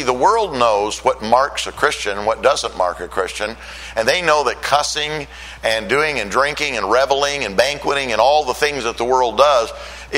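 An older man from Michigan, USA, preaches a sermon built around his personal testimony, telling his own conversion story earnestly, his voice rising when he gets emotional. It is mid-range and fairly bright, though the audio quality is poor.

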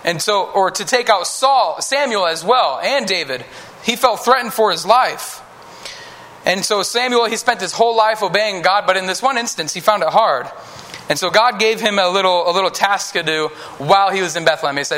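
High, bright-voiced man preaching to kids. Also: moderate pace. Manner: conversational, acts out Bible characters in voices. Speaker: preacher teaching children. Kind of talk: children's sermon.

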